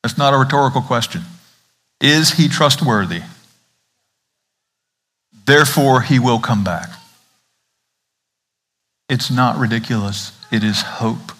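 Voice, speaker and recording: A man's voice: medium pitch, unhurried, long pauses, a bit bright. A man from the American South with a Southern accent, a pastor preaching an Advent sermon in a conversational way, asking the congregation questions.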